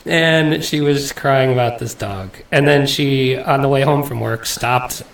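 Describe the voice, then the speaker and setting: A man's voice: mid-range voice, a little slow, gravelly, echoey room, distant mic, low-quality recording. A young man hosting a casual podcast, chatty and telling stories with laughs. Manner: chatty storyteller, laughs through his story. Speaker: podcast host.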